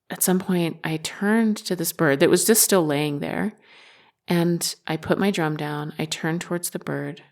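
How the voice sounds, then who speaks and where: Podcast host, a woman with a gravelly voice, telling a story candidly and with self-deprecating humor. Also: deep voice. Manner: candid, self-mocking, swears freely. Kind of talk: personal storytelling monologue.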